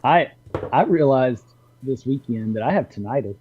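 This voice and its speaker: A man's voice: medium pitch, animated, normal speed, husky, phone-quality sound. An older man from Texas with a Texan accent, an easygoing co-host chatting on a live stream. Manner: easygoing, laughs easily. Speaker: podcast co-host. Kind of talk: casual live-stream chat.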